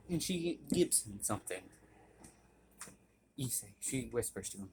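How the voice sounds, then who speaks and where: A man's voice: mid-range voice, expressive, a little slow, background noise. A man casually narrating an improvised story, rambling, swearing and correcting himself.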